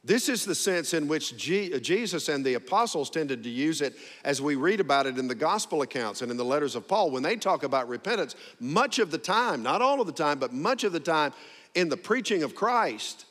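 A man's voice: on the high side, lively intonation, a little fast, a bit bright. A man preaching a sermon to a congregation, drawing out emphatic phrases and calling for responses. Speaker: pastor. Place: church sanctuary. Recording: long hall reverb.

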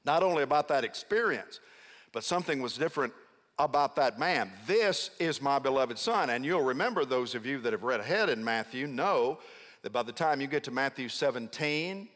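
A middle-aged man preaching a sermon as a pastor. He stresses key words by slowing down and calls on the congregation to answer back. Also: medium pitch, expressive, a bit bright. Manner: emphatic, prompts congregation responses. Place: large church sanctuary. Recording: long hall reverb.

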